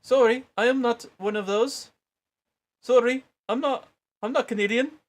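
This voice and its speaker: A man putting on a deliberately poor heavy accent as a flustered man who denies being Canadian. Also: very high voice, voice pushed up. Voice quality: mock heavy accent, admittedly bad.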